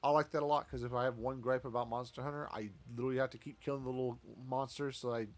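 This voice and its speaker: A man's voice: medium pitch, steady tone, fast talker. A man streamer giving casual, rambling gameplay commentary, talking to himself as he plays.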